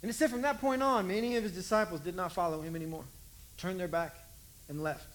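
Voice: mid-range voice, quick pace, a bit bright. Conversational preacher, emphatic repetition. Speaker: pastor. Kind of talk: sermon.

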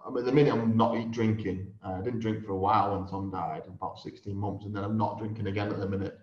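A man's voice: fairly low pitch, steady tone, quick pace, reverberant, lo-fi sound. A man, a podcast guest in casual chat, earnest and calling the host mate. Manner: earnest, calls people mate.

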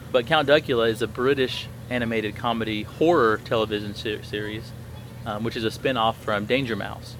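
A man's voice: lowish voice, fairly bright tone, a little hiss or hum. A man in his thirties hosting a podcast, telling a story in a rambling way with many fillers and restarts. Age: 30s. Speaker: podcast host. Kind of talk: casual chat.

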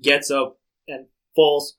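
A man's voice: on the high side, little pitch movement, slow, a bit bright. A man narrating as game master of a tabletop game, casual and loose with fillers.

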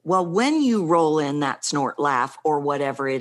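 A woman's voice: low-pitched, unhurried, few pauses. A woman speaking as a vocal coach in an interview, talking animatedly and acting out the voices in her examples. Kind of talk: conversational interview.

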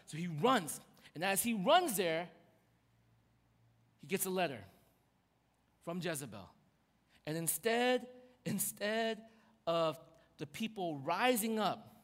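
A man preaching a sermon, telling the story in a lively, animated way and acting out quotes with sudden swings in loudness. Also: sits high. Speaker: pastor. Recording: long hall reverb.

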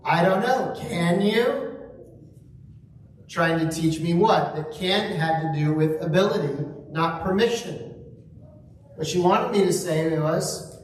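A man preaching a sermon slowly and reflectively, asking rhetorical questions. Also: on the high side, slight background noise. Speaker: pastor. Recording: echoey room, mic at a distance.

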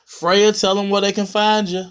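A man hosting a casual podcast, joking around in relaxed slang. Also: high-pitched, normal speed, clear, resonant tone. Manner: joking, laid-back slang. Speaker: podcast host. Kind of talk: casual chat.

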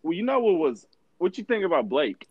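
A man's voice: high-pitched, very animated, fairly quick, no echo, phone-quality sound. A young man in casual chat with friends, slangy and rambling, saying bro a lot.

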